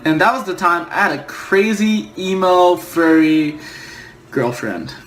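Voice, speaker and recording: A man's voice: high-pitched, expressive, unhurried, a little hiss or hum. A young man telling a casual storytime vlog, blunt and profane, jumping between asides. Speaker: vlogger.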